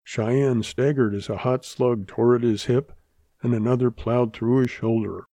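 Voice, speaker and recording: A man narrating a western story in a measured, deliberate reading voice. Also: mid-range voice, steady tone, mellow, no echo.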